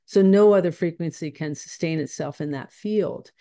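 A woman with a low, mellow voice, speaking at a moderate pace, is a guest teaching spiritual ideas in conversation. She comes across as earnest and searching and often restarts her phrases.

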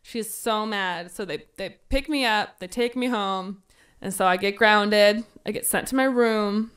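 A woman podcast host telling a funny personal story in a casual, animated way, acting out her younger self's lines. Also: mid-range voice, moderate pace.

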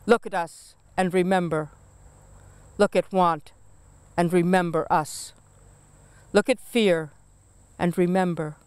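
A woman's voice: lowish voice, a little mellow, smooth, no room sound. A woman chanting as a mournful chorus of the dead. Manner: chanted, repetitive lament. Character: chorus of dead famine souls, mournful and accusing. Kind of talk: poetry reading.

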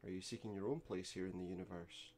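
A man's voice: deep voice, fairly even intonation, quick pace, darkish tone. A man voicing a theatrical, self-important male occult shopkeeper who speaks in grand, archaic phrases. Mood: grandiose.

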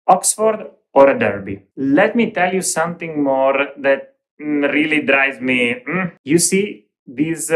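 A young man speaks English, teaching to camera. He talks in short, emphatic bursts broken by pauses, and his pitch leaps up and down as he stresses each point. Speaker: menswear video host. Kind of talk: explanatory talk to camera.

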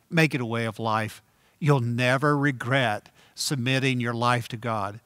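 A middle-aged man preaching a sermon as pastor, earnest, repeating key phrases and slowing down for emphasis. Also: mid-range voice, fairly even intonation, fairly bright tone, no room sound.

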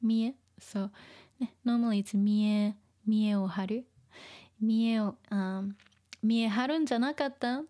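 A woman teaching vocabulary in a casual livestream lesson, softly mixing Japanese and English and laughing often. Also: medium pitch, moderate pace.

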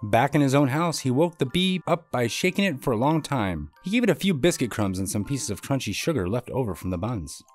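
Male storybook reader, mid-pitched, lively delivery, faint music. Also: brisk, few pauses, no room sound. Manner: expressive, voices the characters. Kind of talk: storybook read-aloud.

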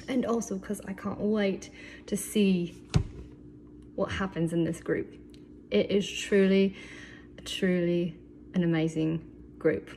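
Loud background noise runs through this casual home-kitchen video of a woman showing her meal prep tools. She's chatty and enthusiastic with playful asides, yet her lowish, steady voice moves slowly, with vocal fry and long pauses.

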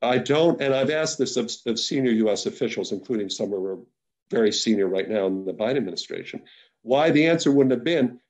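A man's voice: medium pitch, a little fast, darkish tone, lo-fi sound. A man giving unscripted remarks on a policy panel, earnest and emphatic, stumbling through restarts and repeated words. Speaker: panel discussant at a policy webinar.

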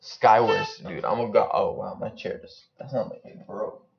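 A man's voice: on the low side, moderate pace, vocal fry. A young man chatting casually and joking in slang while he plays an online game, rambling between rounds. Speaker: gaming YouTuber. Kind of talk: casual gameplay commentary. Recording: slightly dull lo-fi mic.

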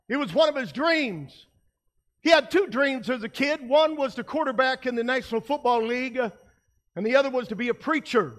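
Pastor guy preaching w a really high voice, gets loud then goes quiet. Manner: impassioned, swings from shouting to hushed. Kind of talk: sermon.

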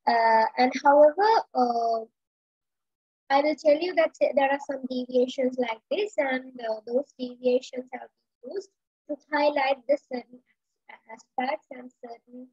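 Slow, high-voiced woman teaching online. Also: steady tone, darkish tone, husky, no room sound. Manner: slow, hesitant with many fillers. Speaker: literature teacher. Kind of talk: online lecture. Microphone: video call. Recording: dull lo-fi video call audio.

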